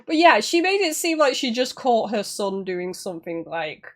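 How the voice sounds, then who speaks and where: A woman casually commenting on a game she plays, chatty and quick to laugh and react out loud. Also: on the high side, very animated. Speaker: let's play streamer.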